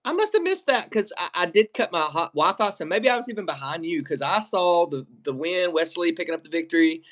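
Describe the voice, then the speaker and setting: Rambling, higher-pitched man chatting. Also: expressive, fairly quick, fairly bright tone. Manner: rambling, profane, laughs while talking. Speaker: wrestling show co-host. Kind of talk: casual reaction chat.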